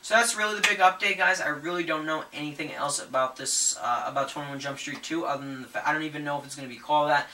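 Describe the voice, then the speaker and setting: Bright-voiced man rambling about movie news. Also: a little high, fast talker, hardly any pauses, recorded from a distance. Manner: rambling, many fillers and restarts; enthusiastic. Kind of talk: casual news commentary. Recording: echoey room, voice set back from the mic, faint ambient noise.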